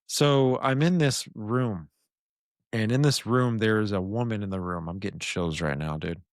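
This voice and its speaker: A low-pitched man hosting a podcast tells a story in an animated, intense way, stumbling and restarting as he goes. His voice is close and dry, with hardly any room around it. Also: normal speed, no room sound. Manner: animated, intense retelling with many restarts and fillers. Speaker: podcast host. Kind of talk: casual storytelling.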